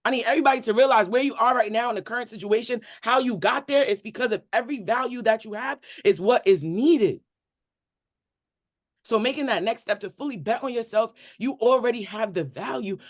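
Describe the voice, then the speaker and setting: High-voiced man giving an emphatic pep talk. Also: fairly quick. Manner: emphatic, repetitive, preacher-like build-ups; casual slangy speech. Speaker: community member on a coaching call. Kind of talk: motivational group call speech.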